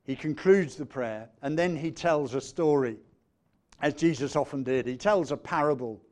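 Hushed, measured male preacher. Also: fairly high pitch. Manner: measured, trailing off to hushed phrase endings; animated when retelling a parable. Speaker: pastor. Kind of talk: sermon.

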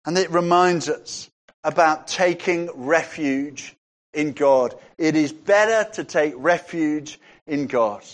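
A man preaching a sermon, reading scripture passages aloud and rising in pitch when he stresses a point. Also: slow pace.

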